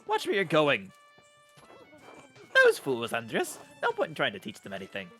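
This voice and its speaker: A gruff older manservant grumbles about fools and warns his young charge not to be pushed around, as a man puts him on for a game. His voice is blunt and scolding, and it swings widely in pitch. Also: huge pitch swings, moderate pace, a bit bright, soft background music.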